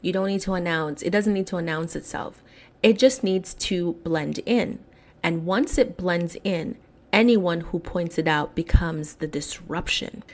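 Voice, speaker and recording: A woman hosting a solo podcast, speaking in an emphatic commentary style and slowing down to stress key words. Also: lowish voice. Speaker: podcast host.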